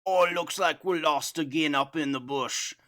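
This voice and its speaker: A man's voice: a little high, moderate pace, pushed and bright, voice pushed up. A man voicing a rowdy Australian bushman in a comedic fan dub, with a put-on Australian accent and an exclaiming, jokey manner. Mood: blustery. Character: rowdy male Australian bushman hunting rocks.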